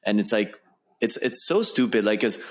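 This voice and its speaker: A man's voice: fairly low pitch, expressive, normal speed. A man hosting a casual podcast chat, telling stories animatedly and swearing freely. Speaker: podcast host.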